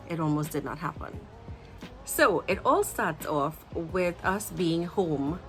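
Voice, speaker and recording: A woman in her thirties with a Trinidadian accent, telling a casual storytime to her viewers in a chatty, animated way. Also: on the low side. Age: 30s. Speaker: vlogger.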